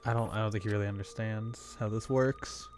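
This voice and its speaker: A man's voice: fairly low pitch, fairly even intonation, a little fast, a little mellow, a little hiss or hum. A man streaming a game, casually reading its narration aloud in a plain way.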